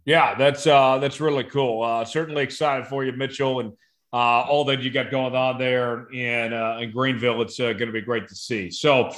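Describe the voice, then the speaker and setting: A man hosts a casual podcast interview, pausing often on fillers as he sets up his questions. His voice is bright and sharp, at an ordinary middle pitch. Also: steady tone. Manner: warm praise, halting with many uh fillers. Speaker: podcast host.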